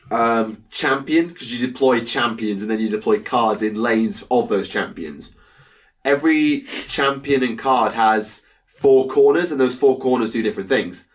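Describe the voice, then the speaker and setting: A man co-hosting a casual hobby podcast, chatty and quick to laugh, with many fillers. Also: medium pitch, distant mic. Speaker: podcast co-host.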